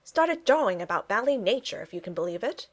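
A woman voicing a blunt, good-natured young Regency gentleman who talks in clipped phrases and drops his pronouns. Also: mid-range voice, big pitch swings, fairly quick. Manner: clipped speech, dropped pronouns.

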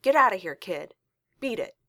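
A woman voicing a rude, angry grown man in a storybook reading, speaking loudly and snappishly. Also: medium pitch, big pitch swings, moderate pace, no room sound, studio quality. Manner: loud and snapping.

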